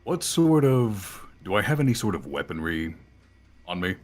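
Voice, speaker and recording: A man's voice: sits low, big pitch swings, moderate pace. A man player in a tabletop game, asking the game master short, precise questions about his gear.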